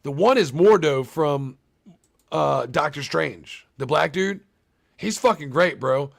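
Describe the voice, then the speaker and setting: A man's voice: fairly high pitch, animated, slow pace, gravelly. A young man recapping a movie on a casual live stream, rambling and swearing often and talking to his chat. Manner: profane, rambling, talks to chat.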